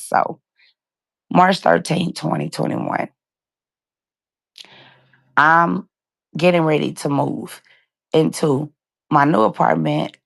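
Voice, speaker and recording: Woman around forty, deep vocal fry, candid emotional storytelling, talks to the crowd, dry close sound. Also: no echo. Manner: casual, emotional, speaks straight to listeners with "y'all" and "you guys". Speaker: live-stream host telling a personal story. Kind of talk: candid personal storytelling to a live audience.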